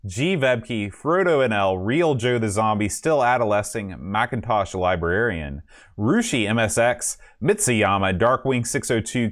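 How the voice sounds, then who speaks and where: Smooth-voiced male podcast host. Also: lowish voice. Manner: rambling and self-deprecating, many fillers. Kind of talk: casual live-stream chat.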